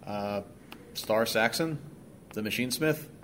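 Brief: lower-voiced male co-host, dry wit, faint background noise. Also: slow, fairly bright tone. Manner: dry, wry quips and short replies. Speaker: podcast co-host. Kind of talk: casual podcast chat.

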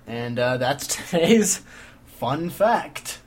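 A man's voice: a little high, lively intonation, extremely slow, noisy background. Wry man hosting a comedy podcast. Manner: jokey, wry, leads segments. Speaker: podcast host. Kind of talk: casual comedy chat.

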